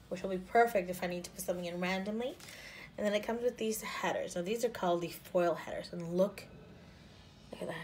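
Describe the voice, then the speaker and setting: A woman showing planner stickers in a casual haul, gushing and often dropping into soft half-whispers. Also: medium pitch, a little fast, a little hiss or hum. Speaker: planner sticker shop owner and vlogger. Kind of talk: casual haul show-and-tell.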